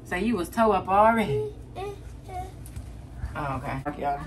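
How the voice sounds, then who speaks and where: A woman's voice: fairly low pitch, lively intonation, moderate pace, crowd noise. Chatty woman vlogging to her viewers. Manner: chatty, talks straight to viewers with "y'all". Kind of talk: casual vlog chat.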